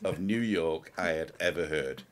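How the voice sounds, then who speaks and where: Speaking at a normal speed in a very deep voice, this male talk show host chats casually. He tells stories with animation and imitates singers along the way.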